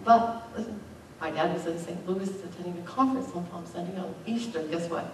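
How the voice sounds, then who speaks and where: With a lowish, slightly mellow voice, a middle-aged woman pastor preaches briskly in a church sanctuary, mixing conversational talk with emphatic bursts. There's slight background noise, and the recording sounds distant and very echoey.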